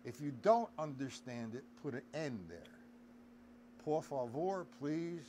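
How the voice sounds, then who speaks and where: A man's voice: a little high, animated, a little slow, a little hiss or hum. A man teaching a live drum lesson, counting beats aloud and chatting with viewers in the stream chat. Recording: loud drum kit playing behind voice.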